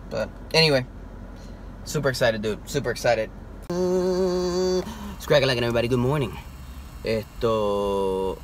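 A young man vlogging casually from a car, excitable, swearing and laughing, dropping in Spanish words. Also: mid-range voice. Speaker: toy collecting vlogger. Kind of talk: casual vlog. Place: inside a car. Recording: noisy car interior.

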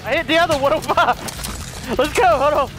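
A man playing a video game with a friend, excitable and loud, yelping and laughing often. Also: very high voice, brisk. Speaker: gamer. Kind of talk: excited gameplay chat with a friend. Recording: game sounds and music behind.

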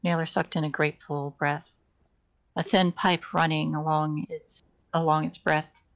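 A woman with a lowish, gravelly voice reads a novel aloud on a live stream. She reads unpolished, often tripping over a phrase and correcting herself before carrying on. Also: flat delivery, unhurried, poor audio. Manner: unpolished live reading with frequent restarts and self-corrections. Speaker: reader.

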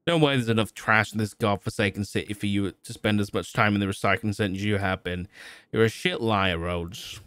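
A man's voice: on the low side, steady tone, a little fast, a bit bright, clear, resonant tone, no room sound, studio quality, natural voice. Cocky, drawling young man, teasing friend, read by a man.

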